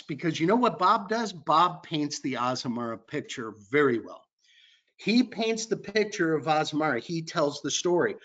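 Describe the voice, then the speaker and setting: A man's voice: a bit bright, lo-fi sound. A man training travel advisors in an upbeat, conversational way, stressing points with lifts in his voice. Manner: upbeat, conversational, emphatic pitch. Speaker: cruise line sales trainer.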